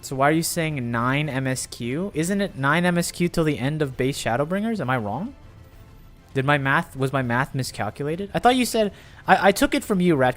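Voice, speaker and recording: A male streamer talking over his game in casual commentary, sarcastic and playfully defensive with his chat. His voice swings up and down expressively at a mid pitch, with faint music running underneath. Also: fairly bright tone. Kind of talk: casual gaming livestream commentary.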